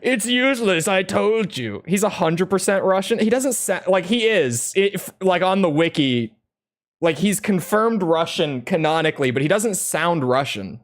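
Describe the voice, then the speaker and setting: A man's voice: high voice, normal speed. A man with a strained throat, rambling and joking about himself while streaming a game. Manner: rambling, self-mocking, laughs often. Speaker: gaming streamer. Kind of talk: casual commentary while playing.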